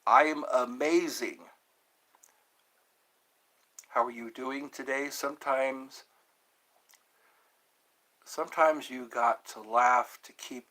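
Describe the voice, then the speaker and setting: A man's voice: mid-range voice, lively intonation, unhurried, sharp tone. A man hosting his own vlog, rambling from topic to topic, laughing at himself and breaking into bits of song. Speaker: channel host. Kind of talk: rambling solo vlog chat.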